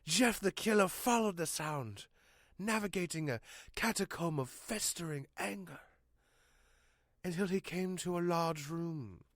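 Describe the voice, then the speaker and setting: A man telling an absurd comic story in a deadpan, mock-dramatic way. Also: high-pitched, measured pace, no room sound, clean studio sound. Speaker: channel host and storyteller.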